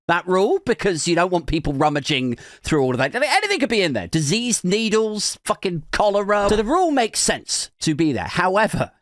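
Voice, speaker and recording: A man's voice: sing-song, brisk, few pauses, a bit bright, no echo. Guy ranting on a podcast, crude jokes, voice jumps all over, dry close sound. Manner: crude, sarcastic, swings pitch for mock voices. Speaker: podcast host. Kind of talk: comedic commentary monologue.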